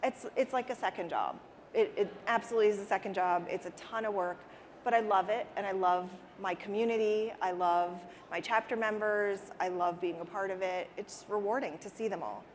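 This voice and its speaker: A woman's voice: medium pitch, fairly even intonation, fairly quick, a little hiss or hum. Earnest woman in a reverberant hall. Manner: earnest, repeats words as she restarts. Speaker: interview guest, interior designer. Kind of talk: conversational interview answers. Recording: reverberant hall with faint ambience.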